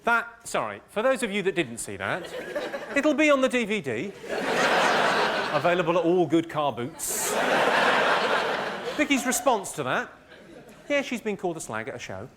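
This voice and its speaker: A man doing stand-up crowd work, firing quick teasing remarks at audience members in a theatre. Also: high-pitched, wildly swooping pitch, very noisy. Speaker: stand-up comedian. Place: large theatre with a live audience. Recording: live hall with loud crowd laughter.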